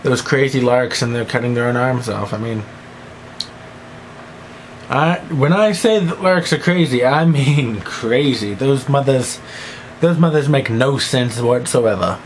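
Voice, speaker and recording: A man's voice: mid-range voice, unhurried, a little hiss or hum, rough recording. Goofy rambling teenage boy vlogger. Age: teens. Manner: goofy, scattered, jumps between silly voices and mumbles. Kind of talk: rambling one-take vlog monologue.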